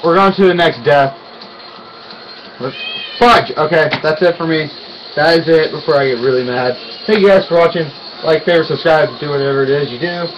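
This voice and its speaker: A young man giving casual let's-play commentary, excitable and quick to yelp and groan when he fails. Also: on the high side, lo-fi sound, slight background noise. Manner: excitable, yelps and groans at failures. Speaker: gaming YouTuber.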